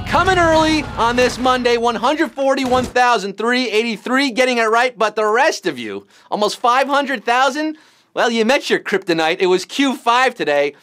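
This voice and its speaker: Punning high-voiced quiz show host. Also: male voice, expressive, moderate pace, sharp tone, a little hiss or hum. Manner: punning, jokey, bouncy delivery with sudden silly voices. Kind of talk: live trivia game hosting.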